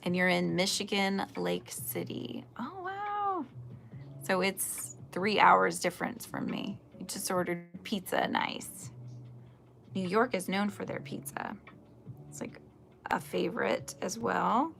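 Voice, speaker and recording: A woman's voice: mid-range voice, expressive, slow pace, vocal fry, a bit bright, slight background noise. A woman in her forties hosting a casual crochet livestream, chatting and answering viewer comments with frequent laughs. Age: 40s. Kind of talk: casual chat while crocheting.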